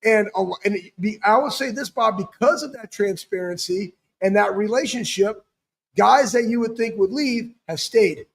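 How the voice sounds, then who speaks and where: Husky, high-pitched former player co-host. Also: male voice, normal speed. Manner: earnest, emphatic, repeats himself for stress. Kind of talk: casual sports chat.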